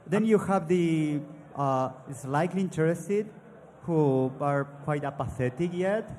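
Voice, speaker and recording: A man's voice: a little high, takes it slowly, darkish tone. A man from Argentina with a thick Argentine Spanish accent, a native Spanish speaker, speaking as a panel guest in thoughtful, slightly broken English. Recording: live hall with long reverb and faint ambience.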